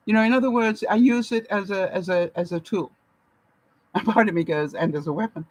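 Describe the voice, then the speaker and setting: A woman's voice: mid-range voice, moderate pace, a little mellow, rough recording. A woman from Canada giving casual advice to her viewers, laughing often and acting out the lines she quotes. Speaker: vlogger. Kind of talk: casual advice talk to camera.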